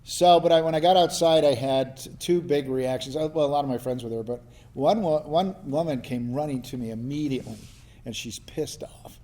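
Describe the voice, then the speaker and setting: A man from New Mexico telling lively personal stories as a panelist, laughing and acting out the voices of people he quotes. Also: mid-range voice, brisk. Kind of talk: storytelling in a panel discussion.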